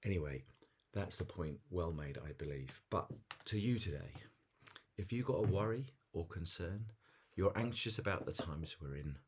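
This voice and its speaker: A man's voice: low-pitched, expressive, normal speed, a little hiss or hum. A man giving a daily devotional talk as a pastor, earnest and storytelling with small chuckles.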